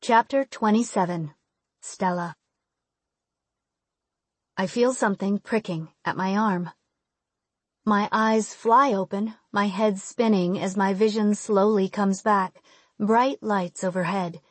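A woman reading a first-person audiobook, measured in her narration and emotional in the dialogue, on a close studio mic. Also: medium pitch, fairly even intonation, slightly rough, no echo.

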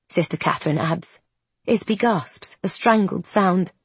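A woman narrating a storybook in a measured, descriptive way. Her voice is low and husky. The recording is dry and close. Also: lively intonation, dry recording. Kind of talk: scripted narration.

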